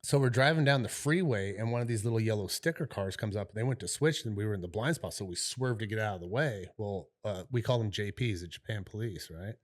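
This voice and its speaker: A middle-aged man with a fairly low voice co-hosts a podcast, telling a story in an easygoing, rambling way. He swears freely and keeps checking in with "right?" and "you know" as he goes. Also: a little fast, few pauses. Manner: laid-back, profane, rambling with fillers like "right?" and "you know". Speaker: podcast co-host. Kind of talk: casual storytelling chat.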